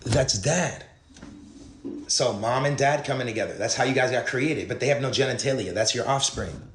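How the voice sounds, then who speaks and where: A man lectures earnestly, jumping from pun to pun in a rambling monologue. His voice sits at an ordinary pitch. The clip sounds roomy and echoey. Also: moderate pace, slight background noise. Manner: stream of puns, earnest lecturing. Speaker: conspiracy video speaker. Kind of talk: rambling word-association monologue. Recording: roomy clip played on stream.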